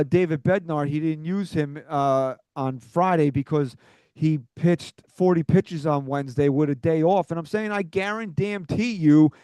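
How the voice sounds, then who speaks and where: A man's voice: a little high, a little mellow, no room sound. A man hosting a sports talk podcast, agitated and ranting with swearing. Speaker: podcast host.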